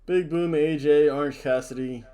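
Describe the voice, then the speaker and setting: A man's voice: a little high, steady tone, normal speed, dark tone. A man hosting a casual wrestling predictions chat, jokey and theatrical, hamming up wrestler introductions. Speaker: wrestling show host.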